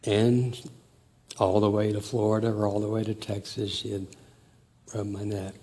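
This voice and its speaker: Older man, reflective family storytelling, unhurried, soft dark tone. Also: on the low side, little pitch movement, a little hiss or hum. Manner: slow, warm, emotional storytelling.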